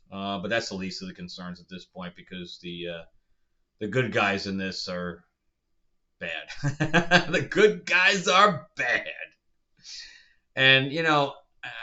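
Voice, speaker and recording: A man's voice: fairly low pitch, bright, forceful tone, lo-fi sound. A man reviewing a show in a casual vlog, exasperated and sarcastic, rambling with restarts.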